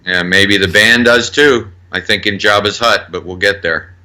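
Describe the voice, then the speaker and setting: A man co-hosting a film podcast in casual chat. He is animated, laughs often and is quick to agree. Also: on the low side. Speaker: podcast co-host.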